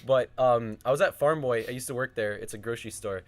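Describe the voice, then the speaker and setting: A young man co-hosting a casual podcast from home, easygoing and quick to laugh along. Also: mid-range voice. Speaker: podcast co-host. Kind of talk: casual chat.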